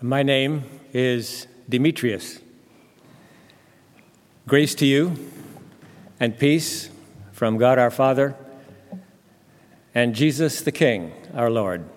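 An actor playing an aged former Roman centurion who gives solemn first-person testimony, in a reverberant room. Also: male voice, mid-range voice, slow pace, pauses often, natural voice. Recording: long hall reverb.

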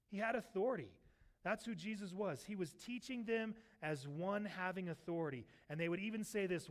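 A man with a fairly high voice is preaching a sermon from the pulpit. He retells a scripture passage animatedly, breaking into dramatic voices for the people in it. His delivery swings between calm reading and excited exclamations. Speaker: pastor. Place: church sanctuary.

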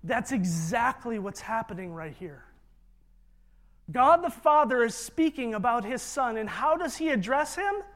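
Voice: mid-range voice, lively intonation, a little slow, a bit bright. A preacher giving an emphatic sermon and leading the congregation in call-and-repeat. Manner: emphatic, leads congregation in repetition.

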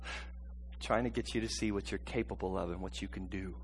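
Preaching to his congregation, a man alternates hushed, unhurried passages with loud outbursts pitched high, chuckling frequently and asking listeners to repeat his words. His tone stays steady, with a little background noise.

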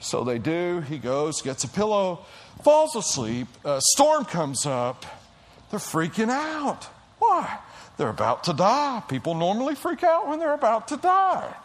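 A middle-aged male pastor preaching a sermon in a church, telling stories dramatically, dropping to a hush and then shouting as he acts out the quotes. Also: high voice, big pitch swings, unhurried. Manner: dramatic storytelling, acting out quotes, swings from hushed to shouting. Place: church auditorium.

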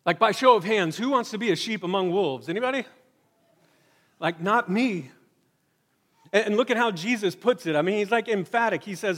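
A man's voice: high voice, moderate pace, fairly bright tone, big-room sound. A man preaching a sermon to a congregation, talking in a conversational, emphatic way with wry asides. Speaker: pastor. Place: church hall before a congregation.

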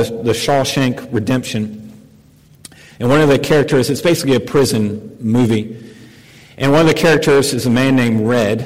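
A man preaching a sermon as a pastor, earnest, slowing into soft, emphatic repetition. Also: medium pitch. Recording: long reverb of a large room.

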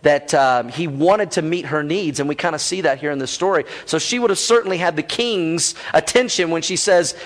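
High-voiced male pastor preaching casually. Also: normal speed, hardly any pauses. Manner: conversational, joking, teacherly. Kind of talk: sermon.

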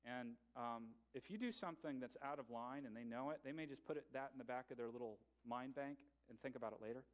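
A male pastor preaching a sermon in a conversational way, with light humor and pauses. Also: mid-range voice, lo-fi sound.

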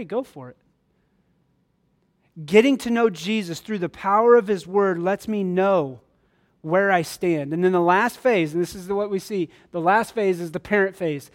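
A pastor preaching a conversational sermon to his church, a man acting out quoted voices in his stories. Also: high-pitched.

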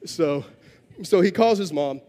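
High-voiced man preaching in a reverberant hall. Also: animated, unhurried, mellow. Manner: conversational, self-deprecating humor. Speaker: pastor. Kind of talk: sermon with storytelling.

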